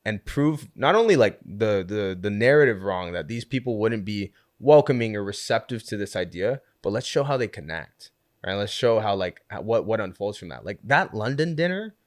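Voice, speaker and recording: A man with a fairly low voice tells a story on a podcast, casual and lively, with constant "like"s and little acted-out quotes. The recording is close and dry, with no room sound around him. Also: no room sound. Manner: animated storyteller, heavy use of "like", acts out quotes. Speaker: podcast guest, community co-founder.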